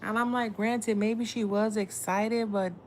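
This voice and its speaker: A woman's voice: a little high, steady tone, unhurried, darkish tone, slight background noise. A woman tarot reader chatting casually with viewers on a livestream, blunt and swearing freely. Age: adult with a son.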